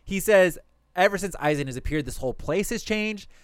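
A young man in casual chat, recapping anime episodes for a podcast with animated, quick storytelling and swearing. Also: sits high, clear, resonant tone, no echo.

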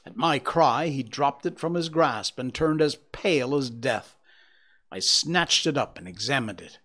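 Male audiobook narrator, theatrical storytelling, very lively pitch. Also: measured pace. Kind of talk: dramatic storytelling reading.

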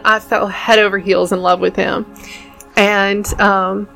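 A woman's voice: medium pitch, sharp tone. A woman, a podcast guest earnestly telling her story of faith and recovery.

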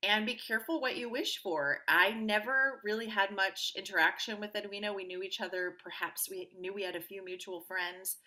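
Bright, animated woman telling stories. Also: mid-range voice, normal speed, hardly any pauses. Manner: animated, upbeat storyteller with lively quoted voices. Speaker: podcast guest. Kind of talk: conversational interview storytelling.

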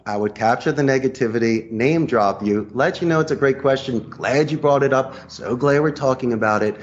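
A man being interviewed as a guest, talking in a lively, theatrical way, laughing often as he acts out sales calls. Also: mid-range voice, a little fast, few pauses. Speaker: guest, customer service trainer. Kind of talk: animated interview talk acting out sales calls. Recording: muffled lo-fi audio.

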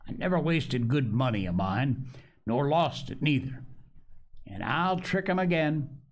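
A man's voice: mid-range voice, animated, a little slow, voice pushed up. A man doing a rum-starved old sea captain. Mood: urgent. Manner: coarse sailor's dialect, pleading and cursing. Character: ailing old male sea captain, rum-craving, blustering.

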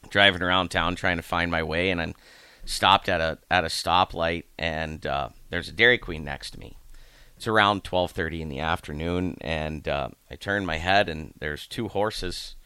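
A man's voice: low-pitched, bright, forceful tone, clean tone, no room sound. A man from Ohio, a coach, telling long, rambling anecdotes in a casual interview and acting out the voices of the people in them. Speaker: hockey coach.

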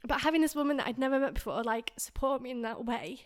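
This woman co-hosts a podcast and speaks fast in a high voice. She is near tears as she works through an emotional story, filling it with "like" after "like."

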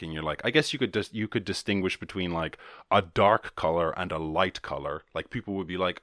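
A man's voice: sits low, a little fast, a bit bright, no echo, clean studio sound. A man hosting a solo podcast, rambling and swearing casually with many restarts. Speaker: podcast host.

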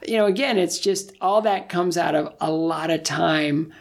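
A man's voice: fairly high pitch, moderate pace, creaky. A middle-aged man, a guest in an interview, telling stories with self-deprecating humor. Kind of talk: casual interview storytelling.

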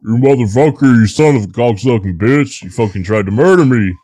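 A man's voice: medium pitch, lively intonation, a little fast, dark tone, no echo, studio quality, lightly acted. A man bellowing as a foul-mouthed raging Bigfoot. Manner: bellowing, cursing, roaring. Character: foul-mouthed male Bigfoot, huge and furious.

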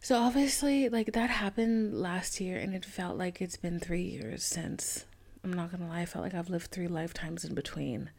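Brief: young woman host, gravelly, slightly low voice, candid rambling monologue peppered with "like". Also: moderate pace, darkish tone. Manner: candid, rambling storytelling with frequent "like" and swearing. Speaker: podcast host. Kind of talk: casual solo podcast monologue.

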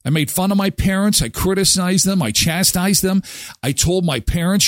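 A middle-aged man hosting a casual chat show, joking and animated. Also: high voice, moderate pace, no room sound, studio quality. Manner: joking, animated, slips into silly voices. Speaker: talk show host.

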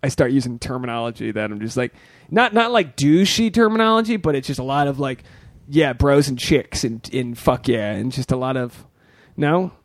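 A man's voice: medium pitch, expressive, moderate pace, no echo, studio quality. A young man co-hosting a podcast, chatting in a rambling, profane, joking way. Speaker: podcast co-host. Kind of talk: casual podcast chat.

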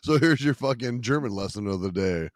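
A man's voice: on the low side, animated, brisk, dry recording. A laid-back man chatting on a podcast, cursing casually and laughing easily between lines. His voice is recorded dry and close, with no room sound around it. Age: adult parent. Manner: laid-back, swears freely, laughs often. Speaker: podcast co-host. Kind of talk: casual chat.

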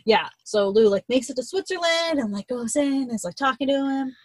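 A woman's voice: sits high, lively intonation, fairly quick, dry recording, poor audio. A young woman in casual chat, retelling a novel's plot in a rambling way, swearing freely and acting out the characters' lines.

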